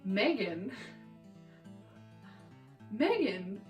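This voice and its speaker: A young woman from Texas telling childhood stories in a brash, profane, animated way for her vlog. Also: mid-range voice, extremely slow. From Texas, USA. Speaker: vlogger. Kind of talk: storytime vlog. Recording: roomy echo, distant mic, faint guitar music.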